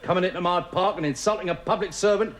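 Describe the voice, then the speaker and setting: A man's voice: high-pitched, fast talker, natural voice. A man playing an officious, threatening park keeper. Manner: threatening, self-important. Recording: noisy old TV recording.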